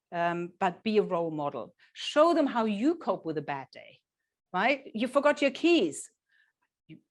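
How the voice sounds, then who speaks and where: Lively woman giving a parenting talk. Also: on the low side. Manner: lively, acts out parent and child quotes. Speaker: workshop speaker. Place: children's centre meeting room.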